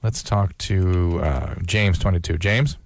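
A man hosting a call-in radio show as a doctor, quick and joking with guests and callers. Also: deep voice, vocal fry, a crowd in the background.

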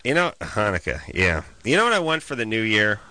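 A man's voice: lowish voice, sing-song, a little fast, pushed and bright, dry recording. A middle-aged man telling a story in casual comedic chat, ranting and sardonic.

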